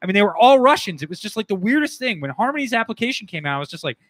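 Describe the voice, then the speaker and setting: A man's voice: high-pitched, big pitch swings, racing, dry recording. Rambling, chatty podcast host, a man. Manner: rambling storyteller, many restarts and "like". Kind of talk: casual chat.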